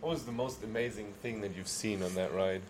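A man's voice: fairly low pitch, fairly quick, a little hiss or hum. A man interviewing a musician, asking casual questions in loose, hesitant phrasing.

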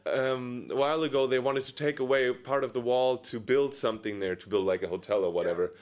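Brief: male guest, casual, halting phrasing. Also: mid-range voice. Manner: hesitant, repeats words. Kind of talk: casual chat.

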